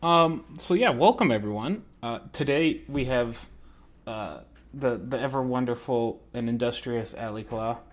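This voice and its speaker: A man's voice: medium pitch, a little slow. A man hosting a live art critique stream, chatting casually with frequent hesitations and light jokes. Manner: relaxed, hesitant, jokey. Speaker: stream host.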